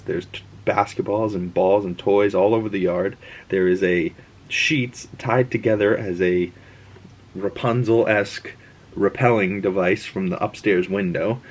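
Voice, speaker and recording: A man talks through a show episode in a loose, rambling reaction style, with lots of restarts and asides. His voice sits low and comes across husky. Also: moderate pace. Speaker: host. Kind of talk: casual reaction and episode breakdown.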